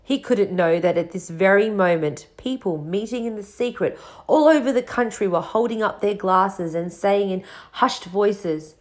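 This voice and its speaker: A woman's voice: medium pitch, moderate pace, a little mellow. Woman reading a storybook aloud. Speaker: audiobook reader. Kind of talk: storybook narration.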